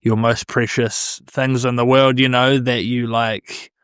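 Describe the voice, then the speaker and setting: A man, hosting a podcast in relaxed, reflective casual chat with some swearing. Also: medium pitch, measured pace, smooth, dry recording, clean studio sound. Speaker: podcast host.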